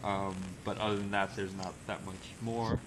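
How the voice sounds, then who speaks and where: Low-voiced man running a tabletop game. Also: level tone, moderate pace, a bit bright, slight background noise, poor audio. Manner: casual, rambling, chuckling. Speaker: game master.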